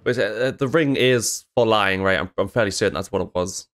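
A man's voice: fairly low pitch, brisk, a bit bright. A man hosting a reaction video, breaking out in emotional exclamations and swearing. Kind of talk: casual reaction commentary.

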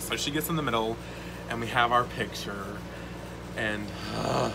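A man telling a story to camera in casual vlog style, excited and swearing often, with lots of "like". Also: mid-range voice, moderate pace, gravelly, noisy background. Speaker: vlogger.

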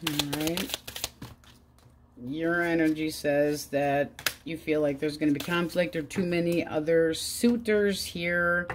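A woman's voice: sits low, fairly even intonation, slow pace, a little hiss or hum. A middle-aged woman reading tarot cards, talking in a chatty, wry way and swearing freely. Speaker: tarot reader. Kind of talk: casual rambling chat.

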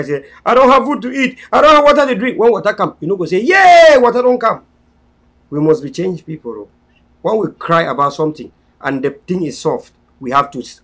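A man with a Cameroonian Pidgin English accent giving an impassioned live-stream address, repetitive and preachy, swinging between loud pleas and low murmurs. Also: husky.

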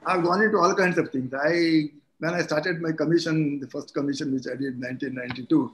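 Elderly man, slightly high voice, measured explanatory storyteller, echoey room, faint background hiss. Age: around 80. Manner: measured, explanatory, animated when telling stories. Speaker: guest, retired judge. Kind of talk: conversational interview, storytelling.

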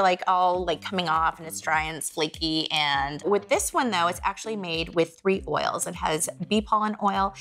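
A woman's voice: lowish voice, a bit bright. A woman in her forties hosting a casual lifestyle vlog, chatty and gushing as she shows off her favorite things. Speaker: vlog host.

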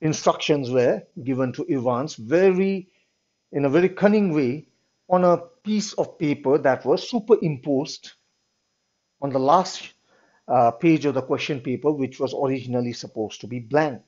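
A man's voice: mid-range voice, moderate pace, darkish tone. A man teaching a class, reading a story aloud and explaining it, often checking in with "all right". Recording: dull lo-fi recording.

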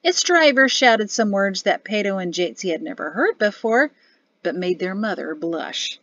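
A woman narrating a novel as an audiobook in an even storytelling delivery. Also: medium pitch, moderate pace, no room sound, highs cut off. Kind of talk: scripted narration.

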